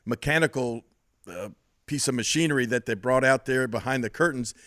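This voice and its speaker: An older man with a Memphis Southern accent who hosts a podcast and tells stories in an animated way, chuckling often. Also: medium pitch, a little fast, dry recording, clean studio sound. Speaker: podcast host. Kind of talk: casual chat and storytelling.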